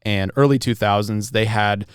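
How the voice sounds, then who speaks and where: Casting: young male podcast co-host, smooth voice, dry close mic, laid-back and rambling. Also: on the low side, normal speed, no echo. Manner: relaxed, rambling, many fillers and restarts. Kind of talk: casual chat.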